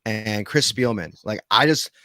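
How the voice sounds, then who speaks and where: A man's voice: lowish voice, unhurried, bright, forceful tone, no room sound, clean studio sound. A man co-hosting a podcast, asking long, winding questions in casual chat. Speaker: podcast co-host.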